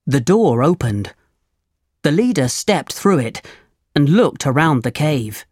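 A narrator giving a measured, clear reading of a chapter book. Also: mid-range voice, sing-song, a little mellow, dry recording, studio quality. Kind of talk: storybook reading.

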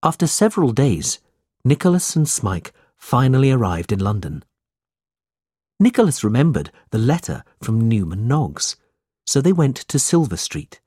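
A man narrating a storybook in a slow, expressive reading style. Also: mid-range voice, husky, dry recording, studio quality.

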